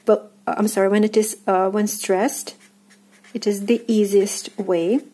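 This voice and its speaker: A woman with a Russian accent gives a casual spoken lesson. Her voice is mellow and soft-edged at a middle pitch. She explains step by step and often pauses on fillers or corrects herself. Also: steady tone, slightly rough. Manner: unhurried, explains slowly with many fillers and self-corrections. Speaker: language teacher.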